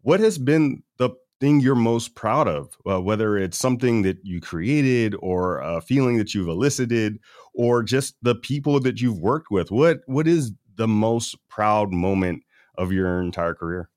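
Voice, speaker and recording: Low-voiced podcast host, dry sound. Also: male voice, unhurried, no room sound. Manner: warm-up questions with restarts, brief affirmations. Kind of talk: interview questions.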